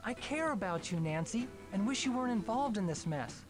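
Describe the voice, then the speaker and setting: An actor playing a charming, flattering young man in a mystery video game. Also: high voice, fairly quick. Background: game music.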